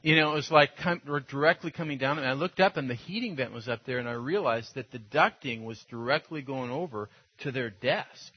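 A man's voice: medium pitch, fairly quick, hardly any pauses, breathy edge. A man, a pastor preaching a sermon in a loose, conversational storytelling way, with frequent laughs and filler. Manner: conversational, anecdotal, laughs often. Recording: dull lo-fi sound.

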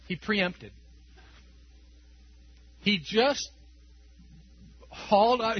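A male pastor with a high-pitched, slightly husky voice preaches a sermon in a chatty, conversational way, telling stories and chuckling along. The sound is dull and lo-fi.

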